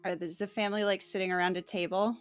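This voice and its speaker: A woman's voice: medium pitch, flat delivery, fast talker, faint music behind. A woman playing a tabletop game, asking curious questions. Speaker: player. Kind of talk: tabletop role-play.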